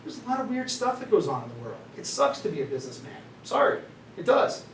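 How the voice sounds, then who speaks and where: A middle-aged man giving an animated storytelling talk to students in a lecture room, with frequent "right?" asides. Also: on the high side, fast talker. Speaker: guest speaker. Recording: roomy, distant mic, faint noise.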